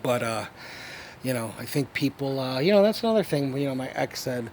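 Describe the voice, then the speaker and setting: A man's voice: medium pitch, animated, fairly quick, darkish tone, slight background noise. A man talking in a rambling, profane monologue, full of fillers and repeated asides to the listener. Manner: rambling and profane, fillers and repeated 'you know what I mean'. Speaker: vlogger.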